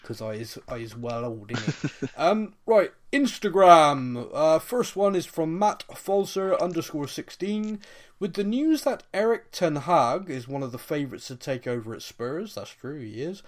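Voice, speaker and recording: A man's voice: on the high side, animated, unhurried. A man hosting a casual football podcast, chatty and jokey, now and then slipping into mock voices. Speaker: podcast host.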